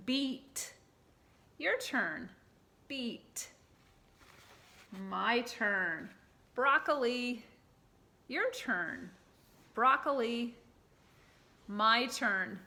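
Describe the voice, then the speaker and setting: Bright, slow sing-song preschool teacher woman. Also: on the high side. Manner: slow, sing-song call-and-response prompting. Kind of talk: circle-time read-aloud.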